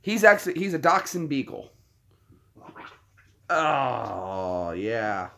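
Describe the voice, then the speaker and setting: A man hosting a casual live chat, often cooing soft baby talk to his dogs. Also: mid-range voice, very animated, slow, gravelly, noisy background. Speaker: channel host.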